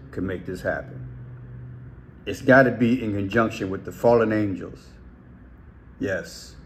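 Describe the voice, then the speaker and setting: A man's voice: lowish voice, fairly bright tone, a little hiss or hum. A man talking to his viewers in casual commentary, emphatic and repeating phrases. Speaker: vlogger.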